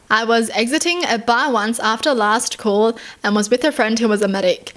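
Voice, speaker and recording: Young woman, fairly high voice, reads stories aloud, indignant asides, sighs. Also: normal speed, a bit bright. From Australia. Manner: indignant outbursts and sighs between readings. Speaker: YouTuber. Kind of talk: reading stories aloud with reactions.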